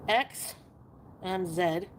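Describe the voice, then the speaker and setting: A woman's voice: on the low side, very slow, background noise. A woman chatting casually on a livestream and greeting her viewers one by one by name. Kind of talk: casual live stream chat.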